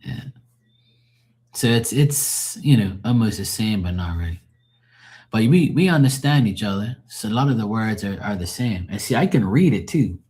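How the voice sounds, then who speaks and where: On the low side and darkish in tone, this man's voice is expressive at a moderate pace. Hosting a live stream, he talks casually with chat about language differences, swearing offhandedly and laughing easily.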